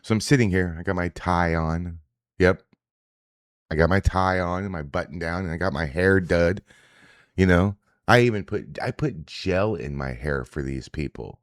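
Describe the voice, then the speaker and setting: A man's voice: low voice, moderate pace, no room sound, clean studio sound. A man hosting a daily reaction livestream, ranting in a profane, combative, casual way. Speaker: host. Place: indoors, home setup.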